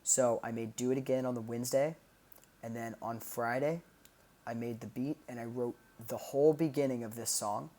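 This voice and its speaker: A man's voice: medium pitch, steady tone, moderate pace. A man streaming a casual breakdown of his own songs, explaining loosely with lots of fillers and sung sound effects. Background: loud music playing from the track.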